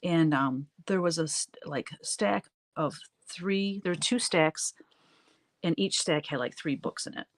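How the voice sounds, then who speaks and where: Woman, low voice, livestream painter, casual chat, storytelling, frequent laughs. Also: unhurried. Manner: chatty storyteller, laughs often. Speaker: artist hosting a live stream. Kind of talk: casual chat with live viewers while painting. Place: home art studio, standing at work.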